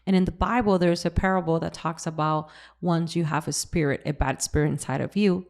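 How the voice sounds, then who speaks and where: A woman's voice: sits low, steady tone, brisk, darkish tone. A woman hosting a faith-based interview, affirming her guest and explaining scripture in a reflective way. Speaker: podcast host.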